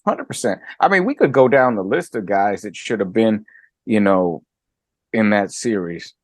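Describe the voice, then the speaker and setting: A middle-aged man and guest co-host chatting casually, animated, jumping high in pitch when he makes a point. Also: moderate pace, no room sound, studio quality. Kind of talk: casual chat.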